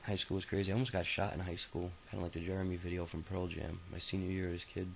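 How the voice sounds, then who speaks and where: A man's voice: sits low, level tone, quick pace, gravelly, slight background noise, low-quality recording. A man in his thirties telling his own life story in a rambling, profane, casual way, full of filler sounds. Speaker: autobiography narrator. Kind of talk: casual spoken memoir storytelling.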